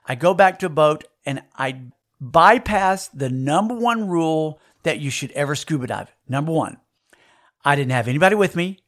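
A man, giving a folksy, animated storytelling sermon to young people. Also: a little high. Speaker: speaker at a youth camp.

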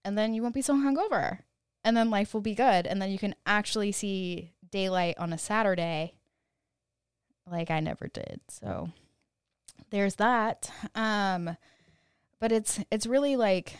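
Chatty woman with a smooth voice. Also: medium pitch, unhurried, no echo, studio quality. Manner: rambling, candid, heavy on "like" and "you know"; swears freely when quoting her younger self. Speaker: podcast host. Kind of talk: casual solo podcast monologue.

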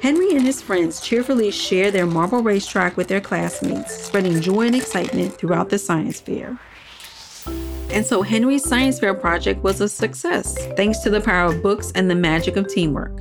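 A woman narrates a children's story and hosts the show in a gentle storytelling manner. Her voice is even and mid-pitched. Soft music plays faintly underneath. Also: normal speed, vocal fry. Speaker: narrator and host.

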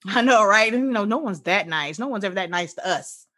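A woman, co-hosting a podcast in relaxed, laughing banter. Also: mid-range voice, a little fast. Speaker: podcast co-host. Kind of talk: casual chat.

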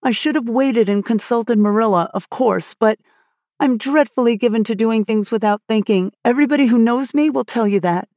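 A woman's voice: on the high side, moderate pace, darkish tone, dry recording, studio quality, voice pushed up, close to an everyday voice. A woman voicing an earnest, impulsive teenage girl who pours out a breathless confession.

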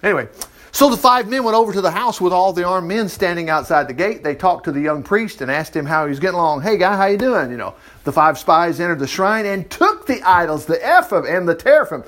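A man's voice: high-pitched, lively intonation, fairly quick, a bit bright. A man reading scripture aloud and breaking off for folksy, chatty asides. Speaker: Bible teacher. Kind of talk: reading scripture with casual commentary.

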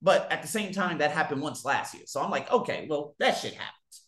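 A man telling stories to his viewers in a casual monologue, swearing freely and swinging widely in pitch and loudness. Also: a little fast. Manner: profane, animated, big swings in pitch and loudness. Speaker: vlogger. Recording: echoey room.

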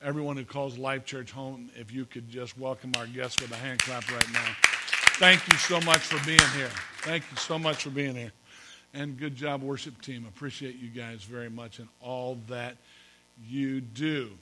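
A man's voice: mid-range voice, steady tone, moderate pace, very noisy. A man preaching a sermon as pastor in a church, folksy and joking, calling on the congregation to respond. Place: church sanctuary.

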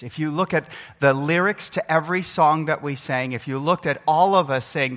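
Earnest preaching pastor, bright tone, hall echo. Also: male voice, a little high, normal speed, hardly any pauses. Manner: earnest, emphatic preaching with rising and falling delivery. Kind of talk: sermon. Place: church sanctuary. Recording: long hall reverb.

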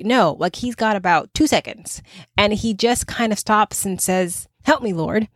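A woman's voice: on the low side, dry recording, clean studio sound. A woman host giving a casual devotional talk, chatty and full of "right?" and "okay?" tag questions. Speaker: podcast host.

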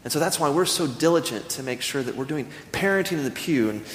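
A man in his thirties preaching a sermon, earnest and storytelling, slowing down when he reads scripture. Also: fairly high pitch, animated, slight background noise. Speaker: pastor. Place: church sanctuary. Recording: echoey church hall.

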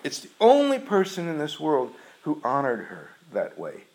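A man's voice: a little high, huge pitch swings, moderate pace, darkish tone, poor audio. A man preaching a sermon, retelling a scripture story in an earnest, emphatic way.

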